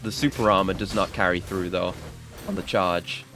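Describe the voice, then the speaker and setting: A man's voice: low voice, moderate pace, soft background music. A man giving casual let's-play commentary on a video game, yelping and swearing when the game surprises him. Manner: excitable, yelps and swears at the game. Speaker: gaming streamer.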